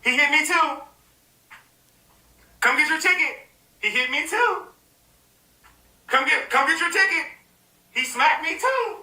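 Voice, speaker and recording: A man voicing a whiny woman accuser who wails and fake-sobs in a high mocking falsetto. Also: lively intonation, a little slow, pauses often, bright, forceful tone, reverberant, recorded from a distance, exaggerated voice. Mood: mock wailing.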